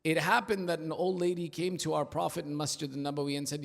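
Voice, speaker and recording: A male preacher giving an emphatic, rhythmic sermon at an Islamic center, telling stories and dropping into hushed asides. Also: on the high side, level tone, quick pace, creaky. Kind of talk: sermon with storytelling. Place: large prayer hall of an Islamic center. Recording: long hall reverb.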